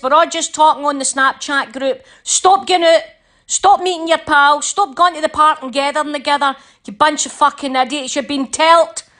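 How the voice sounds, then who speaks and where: A woman's voice: high-pitched, fairly bright tone. A woman with a Scottish accent doing a comic impression of a bossy, scolding woman leader who lays down the law in blunt, sweary dialect.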